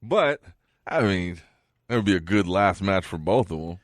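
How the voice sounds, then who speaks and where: A tired man co-hosting a wrestling radio show, relaxed and laughing off his own slips of the tongue. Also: low-pitched, moderate pace, dry recording, studio quality. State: tired from lack of sleep. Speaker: radio co-host. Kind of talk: casual wrestling radio chat.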